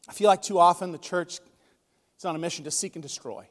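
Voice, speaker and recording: A pastor preaching a conversational sermon, telling stories with emotion. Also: male voice, high-pitched, quick pace. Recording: long reverb of a large hall.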